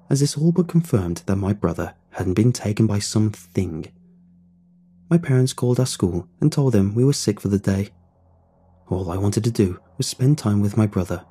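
A man narrating a first-person horror story in a steady, dramatic way. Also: lowish voice, breathy edge.

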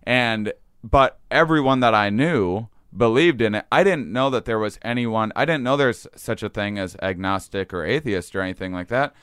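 A man's voice: lowish voice, moderate pace, few pauses, a bit bright, clear, resonant tone, no room sound, studio quality. Laid-back man with a Wisconsin accent. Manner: self-deprecating, rambling, laughs often. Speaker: podcast guest. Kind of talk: casual conversation.

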